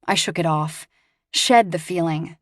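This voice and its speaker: A woman reading a first-person romance audiobook with expressive, rising emphasis. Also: low-pitched, unhurried, dry recording, studio quality. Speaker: audiobook narrator.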